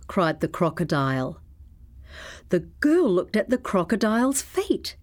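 Slow, expressive New woman storyteller. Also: on the low side. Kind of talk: children's story read-aloud.

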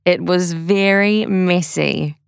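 Woman narrator for a children's storybook. Slow, measured, close and dry. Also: on the low side, gravelly, clean tone, dry recording.

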